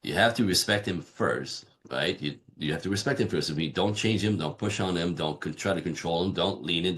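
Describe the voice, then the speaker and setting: A man on a podcast as a relationship coach, talking emphatically and often checking in with "right?". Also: deep voice. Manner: emphatic, animated, keeps saying "right?"; acts out quoted voices of clients. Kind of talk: podcast interview.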